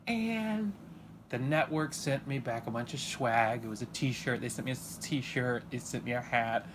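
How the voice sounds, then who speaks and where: Rambling man with a noisy hiss behind. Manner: rambling and halting, full of fillers, swinging into sudden high excited outbursts. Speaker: comedic character monologue. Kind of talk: deadpan comedy monologue in character as a dad.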